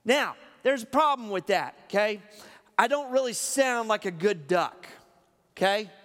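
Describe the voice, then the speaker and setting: A man's voice: high-pitched, expressive, unhurried, a bit bright, in a large hall. A man preaching a sermon in a folksy way, often checking in with "okay?". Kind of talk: sermon with illustration. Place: church hall.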